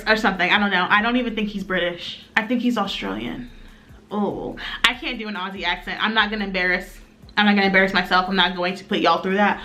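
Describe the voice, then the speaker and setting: A young woman chatting through a get-ready-with-me storytime, rambling, animated and playful. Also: mid-range voice, fast talker. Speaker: beauty vlogger.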